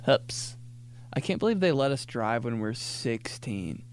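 A man's voice: medium pitch, big pitch swings, a little slow, a little hiss or hum. Rambling late-twenties man riffing. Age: late 20s. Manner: rambling, full of "like" fillers and restarts. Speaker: podcast host. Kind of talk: casual comedic riffing.

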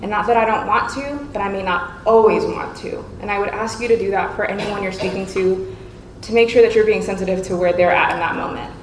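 A woman giving an earnest, measured talk to an audience as a panel speaker. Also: medium pitch. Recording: echoey room with faint noise.

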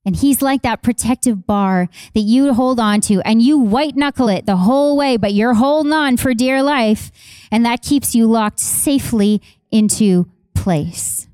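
Woman pastor, sermon delivery, fairly high voice with a warm, mellow tone, dry sound, repeats lines for emphasis. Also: unhurried, smooth, no echo. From Canada. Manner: passionate, repeats phrases for emphasis, conversational asides to congregation. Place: church.

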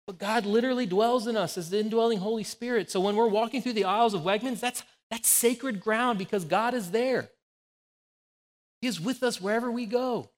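A man in his forties preaches in a relaxed, conversational way. He tells homely stories to make his points. His voice sits notably high for a man. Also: brisk, in a large hall. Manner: conversational, anecdotal, animated storytelling. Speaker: pastor. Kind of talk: sermon.

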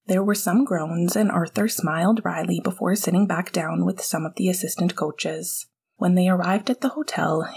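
A woman reading a story aloud in a soft, calm voice that sometimes drops to a whisper. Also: fairly low pitch, husky. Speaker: reader. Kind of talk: audiobook narration of fan fiction.

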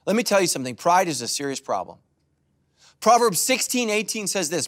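Lively, humorous male preacher. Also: high voice, a little fast. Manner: animated, humorous storytelling preacher. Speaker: pastor. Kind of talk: sermon.

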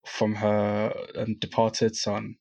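A man co-hosting a casual podcast about a TV show, relaxed and quick to laugh. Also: on the low side, creaky. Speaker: podcast co-host. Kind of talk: casual chat reviewing a TV show. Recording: slightly dull audio.

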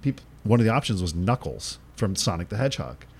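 Lively low-voiced man chatting on a podcast. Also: a little fast, breathy edge. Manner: rambling storyteller, swears freely. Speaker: podcast co-host. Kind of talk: casual podcast chat.

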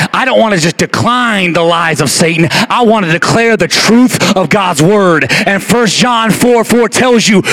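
A male pastor preaching a passionate sermon, with a repetitive, rhythmic cadence that swings from shouting down to near-whispers. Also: sits high. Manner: repetitive, call-and-response cadence. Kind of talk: Easter Sunday sermon.

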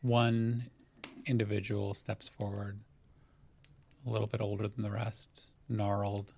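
A man narrating a tabletop game as game master, setting scenes in unhurried, descriptive detail. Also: on the low side, little pitch movement, creaky, darkish tone, slight background noise.

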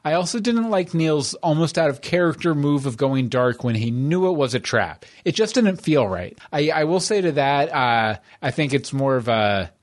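A man co-hosting a podcast, chatting casually and enthusiastically about TV episodes with quick asides. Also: a little high, animated. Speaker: podcast co-host. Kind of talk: casual chat reviewing TV episodes.

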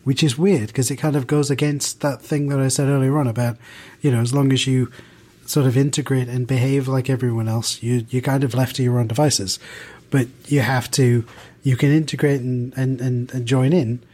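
British podcast co-host, mid-pitch male voice, loose rambling delivery with lots of restarts. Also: little pitch movement, moderate pace, a little mellow. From United Kingdom. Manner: thoughtful, rambling with many restarts and fillers. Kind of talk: casual podcast discussion.

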